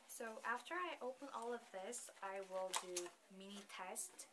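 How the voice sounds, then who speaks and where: Slow, gentle young Korean woman. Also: mid-range voice, background noise. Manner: gentle, hesitant, searching for words. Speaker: vlogger. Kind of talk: casual product review. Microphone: built-in camera mic.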